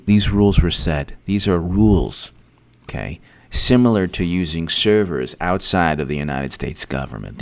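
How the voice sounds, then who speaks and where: A man hosting casual political commentary, rambling and repeating himself, with animated asides. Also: low-pitched.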